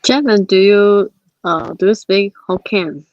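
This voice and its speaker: A woman teacher moderating a class, briskly prompting students for questions. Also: medium pitch, no echo, lo-fi sound.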